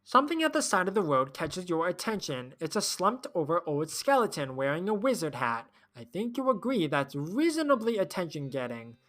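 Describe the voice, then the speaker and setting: A streamer playing a game who reads the text aloud, thinks out loud and often trails off with fillers. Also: mid-range voice, sing-song, moderate pace, hardly any pauses.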